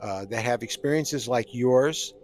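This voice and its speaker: A man hosting an interview show, speaking haltingly with frequent fillers. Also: mid-range voice, a little mellow, soft background music. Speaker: host.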